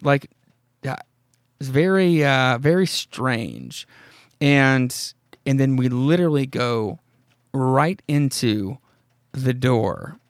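A man's voice: mid-range voice, lively intonation, slow, pauses often, no echo, studio quality. A man hosting a podcast, recapping an old horror comic in a rambling, profane, amused way and reading its dialogue aloud. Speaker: podcast host. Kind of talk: casual comic-book recap.

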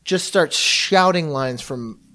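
A man's voice: fairly high pitch, takes it slowly, bright, forceful tone, a little hiss or hum. A man casually telling a swear-filled anecdote about a customer he met at his bar, slipping into impressions of the people involved. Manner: profane storytelling, mimics people he met. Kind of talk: casual podcast chat.

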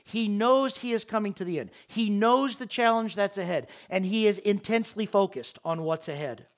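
Emphatic high-pitched male preacher. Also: moderate pace. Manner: emphatic, repeats key phrases for weight; reads scripture verses aloud and explains them. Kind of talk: sermon.

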